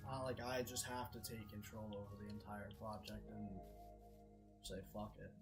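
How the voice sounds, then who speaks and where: A man's voice: fairly low pitch, steady tone, moderate pace, poor audio. A young man streaming a game, telling a frustrated story in a casual, swear-heavy rant. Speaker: gaming streamer. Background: background music.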